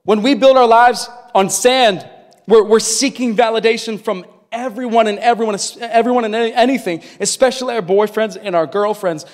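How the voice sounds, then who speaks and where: A man preaching a sermon as pastor, with impassioned delivery that swings from loud to hushed. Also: high voice, normal speed. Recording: long reverb of a large hall.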